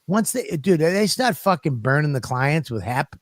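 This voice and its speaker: A man with a fairly high voice tells crude stories in a loose, rambling way, swearing all the time. He sounds close to the mic in a dead-dry room with no echo at all. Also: big pitch swings, moderate pace. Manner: crude, profane, rambling storyteller. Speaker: podcast co-host. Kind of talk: casual comedic chat.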